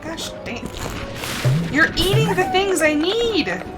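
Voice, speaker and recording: A woman's voice: very high voice, very animated, slow pace. A young woman streaming a game, chatting casually and animatedly, laughing often and acting out her own reactions. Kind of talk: casual gameplay chat. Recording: game music behind the voice.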